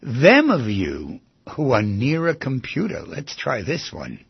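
A man's voice: medium pitch, wildly swooping pitch, slow, creaky, breathy edge, no room sound, highs cut off. A man hosting a radio talk show as a psychotherapist, talking in a rambling, conversational way and repeating himself.

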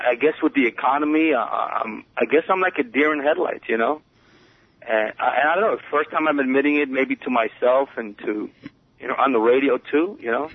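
A man's voice: mid-range voice, no echo. Hesitant male caller on a tinny phone line. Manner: hesitant, many fillers and restarts, confessional. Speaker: radio caller. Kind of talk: phone-in conversation.

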